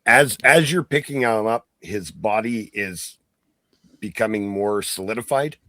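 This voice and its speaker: A man's voice: lowish voice, a little slow, fairly bright tone, no echo. A man narrating a tabletop game as game master in a descriptive style, with frequent fillers.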